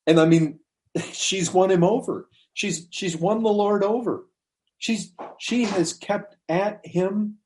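A man's voice: high voice, takes it slowly, a little mellow. A man preaching a sermon in a conversational way, asking rhetorical questions and acting out quoted lines.

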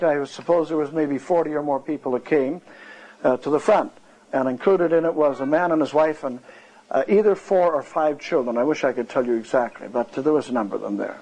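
A man's voice: a little high, a little mellow, rough recording. A male preacher telling a revival story in a sermon, earnest and anecdotal, acting out the dialogue.

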